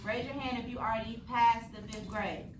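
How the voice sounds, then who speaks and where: A woman with a high voice teaches a noisy class, firm and commanding, calling out chants for the children to answer. She is picked up from far off by a camera mic in an echoey classroom, with a steady clatter behind her. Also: brisk. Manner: firm, commanding, uses call-and-response chants. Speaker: elementary school math teacher. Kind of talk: classroom instruction. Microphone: distant camera mic.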